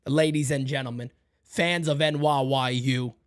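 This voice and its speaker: A man hosting a baseball fan show, emphatic, swinging between shouts and low mutters. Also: fairly even intonation, unhurried. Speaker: fan channel host.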